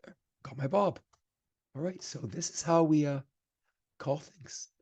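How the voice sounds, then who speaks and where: Man, programming instructor, live-coding lecture, husky, mellow tone, thinks aloud while typing. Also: a little high, unhurried. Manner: gets emphatic when giving advice.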